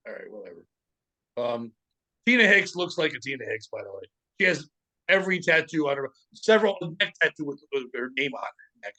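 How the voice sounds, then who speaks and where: A man's voice: fairly high pitch, big pitch swings, a little fast, sharp tone, poor audio. A man hosting a casual comedy podcast, reading news stories aloud with laughter and acting out the people in them.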